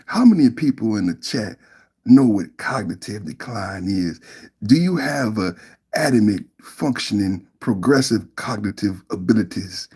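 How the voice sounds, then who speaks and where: A man hosting a live reaction stream, rambling loudly and repeating phrases between bursts of laughter. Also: on the low side, husky. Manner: loud, laughing, rambling and repetitive. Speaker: podcast host.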